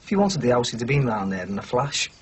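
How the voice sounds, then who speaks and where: Guy playing cheeky young scouser, quick and lively, noisy old tv sound. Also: medium pitch, lightly acted. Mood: eager. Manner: eager, cheeky. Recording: noisy TV audio.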